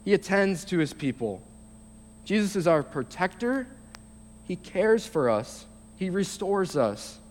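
Young man, sermon, slightly high voice, halting casual explaining, long hall reverb. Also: sing-song, darkish tone, a little hiss or hum. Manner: reads scripture slowly, then explains in a halting casual way. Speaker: youth speaker.

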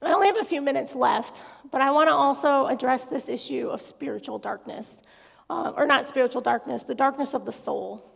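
A woman's voice: high voice, brisk, gravelly, breathy edge. A middle-aged woman giving an earnest, confessional personal faith testimony as a guest speaker in a large hall. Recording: echoey hall reverb.

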